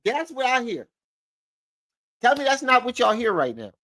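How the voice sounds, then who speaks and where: A man's voice: very high-pitched, big pitch swings, moderate pace, pushed and bright, rough recording. Sarcastic profane male streamer. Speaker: streamer host. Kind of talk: casual reaction commentary.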